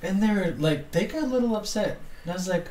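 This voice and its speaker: Brief: young man, somewhat high voice, animated storyteller, laughs a lot; echoey room, mic set back, faint hiss. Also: fast talker. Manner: animated, laughs often, acts out dialogue. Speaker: podcast co-host. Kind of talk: casual storytelling chat. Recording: roomy, distant mic with faint noise.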